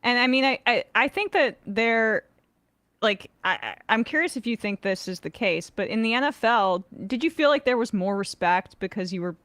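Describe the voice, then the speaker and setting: A woman's voice: on the high side, animated, moderate pace, fairly bright tone, dry recording. A woman hosting a sports podcast, asking questions in a casual, rambling way and searching for her words. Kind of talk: casual interview chat.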